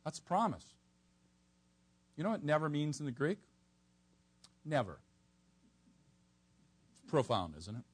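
Preaching an expository sermon to his congregation, a man swings animatedly from soft asides to near-shouted emphasis. His voice is a little high with a breathy edge, and he speaks unhurriedly with long pauses.

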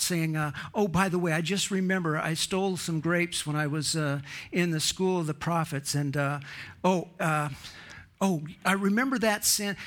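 Earnest male preacher, emphatic sermon. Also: a bit bright. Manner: earnest, emphatic, rises in pitch on key points.

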